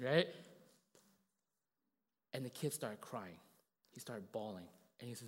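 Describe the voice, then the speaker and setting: A man preaching in a church, telling a story in a lively, conversational way and checking in with the congregation again and again. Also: mid-range voice, brisk, big-room sound. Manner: animated, conversational, asks many tag questions. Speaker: pastor. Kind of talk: sermon with a told story.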